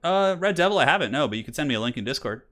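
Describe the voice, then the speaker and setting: This man's voice is fairly high and fairly bright, with lively intonation and a rapid-fire delivery. Serving as host and caster of a game tournament stream, he gives casual live commentary, chatting, rambling, and laughing often as faint classical music plays.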